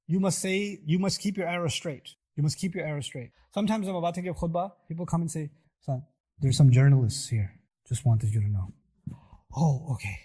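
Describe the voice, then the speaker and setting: A man's voice: fairly high pitch, darkish tone, slightly rough. A middle-aged man giving a sermon, asking the audience rhetorical questions and acting out quoted voices. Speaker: preacher.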